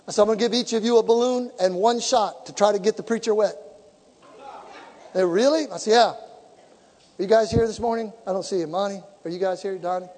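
A man preaching a sermon, telling stories and acting out dialogue, sometimes shouting for emphasis. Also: high-pitched, brisk. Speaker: pastor. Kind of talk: sermon with storytelling. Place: church sanctuary. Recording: hall reverb.

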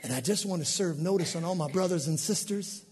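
A male pastor preaching a sermon in a church sanctuary, swinging from quiet asides to shouted bursts. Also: high voice, brisk, big-room sound.

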